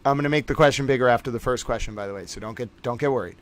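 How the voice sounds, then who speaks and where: A man hosting a casual livestream trivia game, excitable and playful, swinging his voice up and down as he chats. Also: rapid-fire, no room sound. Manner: excitable and playful, jumps between pitches.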